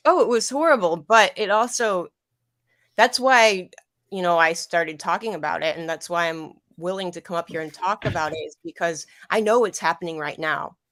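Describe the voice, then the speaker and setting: A young adult woman speaks in a fairly low voice, picked up dry and close. She tells a painful personal story in a rambling way, circling back and repeating phrases, and her voice catches with emotion. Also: normal speed, a bit bright, no room sound. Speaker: guest. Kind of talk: emotional personal account on a livestream.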